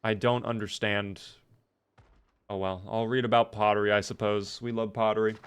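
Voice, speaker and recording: A man's voice: on the low side, flat delivery, moderate pace, clear, resonant tone. A man streaming a game live, chatting playfully with his viewers and thanking them as he plays. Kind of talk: live gameplay commentary.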